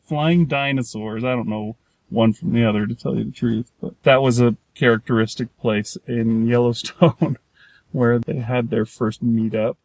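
A man's voice: mid-range voice, steady tone, normal speed, a little mellow, dry recording. A man chatting casually about a film, rambling and restarting his sentences, often acting out the characters' lines. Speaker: podcast co-host. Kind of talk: casual movie review chat.

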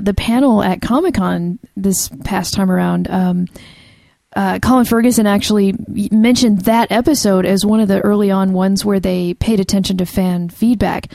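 A woman's voice: mid-range voice, creaky, mellow, no room sound. A woman co-hosting a podcast in casual chat, talking with frequent fillers and restarts. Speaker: podcast co-host.

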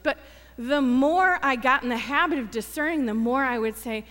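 A woman's voice: high-pitched, normal speed, fairly bright tone. A woman pastor giving a conversational sermon, telling stories with acted quotes and self-deprecating humor. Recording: long reverb of a church hall.

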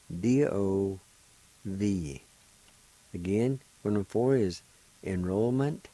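Radio host guy teaching words syllable by syllable, low voice, takes it real slow. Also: dark tone, no room sound, poor audio. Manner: spells and pronounces words syllable by syllable, patient drilling. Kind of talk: radio language lesson.

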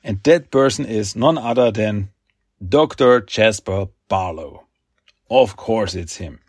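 A man hosting a podcast, recapping a comic book in a rambling, halting way with fillers. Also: lowish voice, a little mellow, breathy edge, dry recording, studio quality. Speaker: podcast host.

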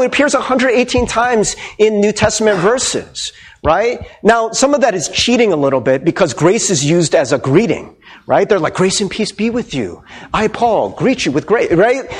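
A man preaching a sermon as pastor, playful and animated, asking the congregation many questions. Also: high-pitched, breathy edge.

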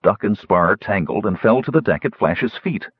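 A man narrates a storybook with a low, husky voice that swings widely in pitch. The recording is dry and a little dull, as if from a close mic in a small treated room. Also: normal speed, dry recording. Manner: lively, voicing characters higher. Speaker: audiobook narrator.

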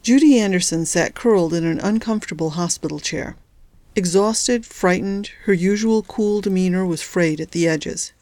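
A woman narrating a novel in a steady, measured storytelling voice. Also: lowish voice, dry recording. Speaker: audiobook narrator. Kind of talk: scripted narration.

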